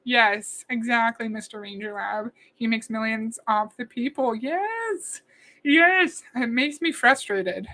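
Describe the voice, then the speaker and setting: A chatty woman hosts a casual livestream, reacting to a video and answering her viewers' comments. Her voice sits a little high for a woman. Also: expressive, slow, bright, forceful tone.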